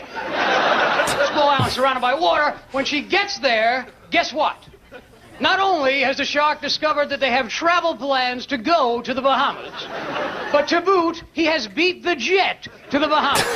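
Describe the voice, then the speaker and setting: A man's voice: extremely high pitch, background noise. A man doing a stand-up set on television, telling his joke in an incredulous, mocking way. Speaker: stand-up comedian. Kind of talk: stand-up set on a late-night show. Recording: dull old broadcast tape, loud audience. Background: audience laughter.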